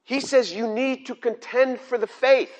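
A man's voice: very high voice, fairly even intonation, measured pace. An older man preaching a sermon, emphatic, repeating key phrases and restarting sentences as he goes. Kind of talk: sermon on scripture.

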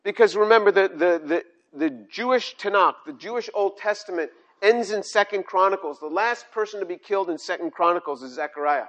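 An older man preaching with a high, lifted voice. He presses each point hard, repeating phrases and stumbling into restarts. The sound is slightly dull and lo-fi. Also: fairly quick, fairly bright tone. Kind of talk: sermon on scripture.

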